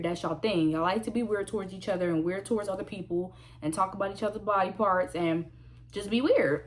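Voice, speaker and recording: A woman vlogger telling a story in a casual, animated way, full of slang and emphatic repeats. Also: mid-range voice, normal speed.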